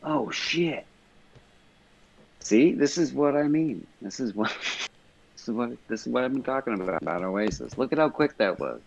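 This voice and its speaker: A man's voice: mid-range voice, a little slow, creaky, pauses often, husky, lo-fi sound. A man in casual podcast chat, stoned, rambling and swearing as he talks. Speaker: podcast guest.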